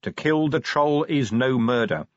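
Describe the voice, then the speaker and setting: A man's voice: medium pitch, lively intonation, unhurried, dry recording, lo-fi sound, voice pushed up, close to an everyday voice. A man doing a solemn, hateful dwarf preacher. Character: small hooded male dwarf preacher of hatred. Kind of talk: audiobook character voice.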